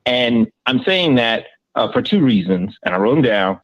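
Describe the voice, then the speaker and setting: A man's voice: medium pitch, very animated, normal speed. Middle-aged man from Florida, caller, polite, reads prepared points, muffled call audio.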